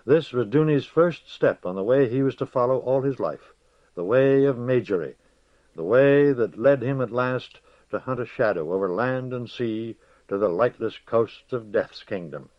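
A man narrating an audiobook in a measured, steady storytelling manner, in a dull lo-fi recording. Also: mid-range voice, no echo.

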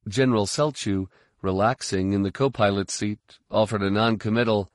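A man reading an audiobook in a steady, measured narration. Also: fairly low pitch, no echo, clean studio sound. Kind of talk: scripted narration.

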